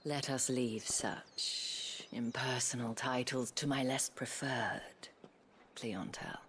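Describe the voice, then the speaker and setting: A sultry, scheming brothel madam. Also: female voice, rumbling low, fairly even intonation, a bit bright, exaggerated voice. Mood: sultry, teasing. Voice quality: sultry, breathy near-whisper. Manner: slow, teasing, silky delivery. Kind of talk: video game voice acting.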